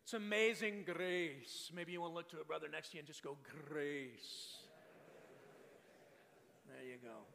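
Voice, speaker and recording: Texan man, guest preacher, rough gravelly edge, bright forceful tone, talks with the room. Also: a little high, racing, hardly any pauses, in a large hall. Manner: conversational, repeats words, asks the crowd to respond. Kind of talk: sermon.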